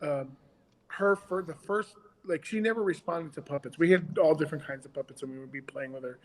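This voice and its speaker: A man's voice: a little high, brisk. Rambling man in a reverberant room. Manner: rambling, with frequent restarts. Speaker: podcast co-host, children's ministry puppeteer. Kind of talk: casual chat.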